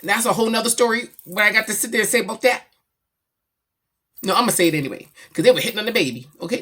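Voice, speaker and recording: A middle-aged woman chatting casually about her daughter, animated and slangy as she tells stories. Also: on the high side, rapid-fire, husky. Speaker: vlogger, mother. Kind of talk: casual chat.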